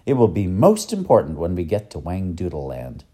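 A man's voice: low-pitched, huge pitch swings, normal speed, mellow. A man voicing a kindly older male professor in a storybook, speaking in an encouraging, teacherly way.

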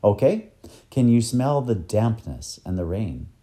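Gentle old professor coaxing kids along, man doing the voice, warm and singsong. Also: on the low side, big pitch swings, measured pace. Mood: encouraging. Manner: encouraging, teacherly. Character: kindly older male professor, gentle teacher.

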